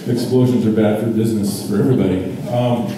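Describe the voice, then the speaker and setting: A man doing a stand-up comedy set on stage, talking in a deadpan, rambling way with lots of fillers. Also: on the low side, fast talker, noisy background. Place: theater stage. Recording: echoey theater, distant mic, crowd laughter. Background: audience laughter.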